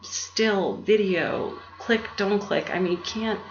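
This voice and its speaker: A woman hosting her own channel, rambling in a soft, half-whispered, meandering way and laughing often, recorded on a laptop. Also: mid-range voice, slow pace, faint music behind. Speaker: YouTube channel host. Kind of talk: rambling casual monologue. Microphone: laptop mic. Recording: roomy, dull lo-fi with faint hum.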